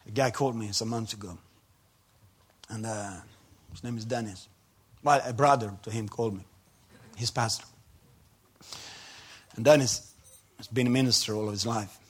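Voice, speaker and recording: A man preaching a sermon and telling a testimony, in non-native English phrasing, moving between quiet storytelling and loud emphatic preaching. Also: on the low side, normal speed, long pauses, husky.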